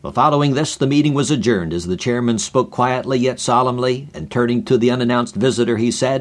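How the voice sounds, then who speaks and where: A male radio preacher tells a story in a steady, measured voice. His pitch sits in the middle, and his delivery stays even throughout. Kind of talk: old-time radio sermon storytelling.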